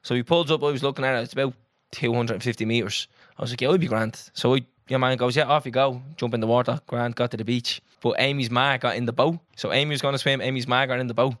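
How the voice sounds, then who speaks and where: A man's voice: medium pitch, steady tone, quick pace, fairly bright tone, dry recording. Young irish guy rattling through a story, swears a lot, dry close sound. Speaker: podcast co-host. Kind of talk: casual chat.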